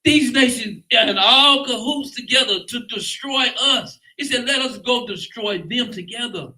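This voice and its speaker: A man's voice: very high voice, moderate pace, pushed and bright, poor audio. A man leading a Bible class in an emphatic preaching style, often asking "guess what" and ending lines with "man". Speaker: lead teacher.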